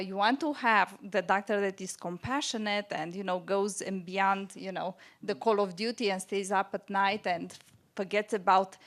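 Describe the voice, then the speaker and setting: Woman, doctor, panelist, earnest and thoughtful, mid pitch. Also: fairly bright tone. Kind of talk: panel discussion.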